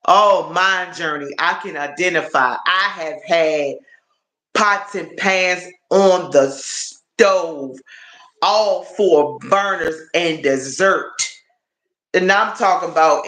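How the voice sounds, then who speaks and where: A man's voice: high-pitched, takes it slowly, pushed and bright. A man chatting casually on a live stream, rambling and repeating his words as he talks to viewers. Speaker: livestreamer. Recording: roomy echo.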